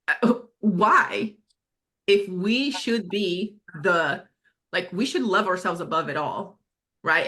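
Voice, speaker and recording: A woman's voice: medium pitch, fairly bright tone. A woman leading a group video call as a fitness coach, talking in an encouraging way with many fillers and self-corrections.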